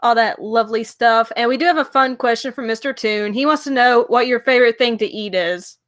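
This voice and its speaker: A woman with a Southern US accent hosts a casual interview in a fairly high voice. She is friendly and reads out viewer comments as she goes. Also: brisk, fairly bright tone. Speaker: interview host.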